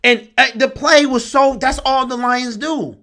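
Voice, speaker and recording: A man's voice: very high-pitched, steady tone, measured pace, bright, forceful tone. A young man ranting with passion and exasperation about his team's loss, repeating himself as a sports vlogger.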